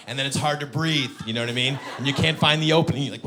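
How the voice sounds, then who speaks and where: A male stand-up comedian performing a set on stage, acting out characters with sudden high-pitched shouts. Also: fairly even intonation, quick pace, hardly any pauses. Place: comedy venue with audience.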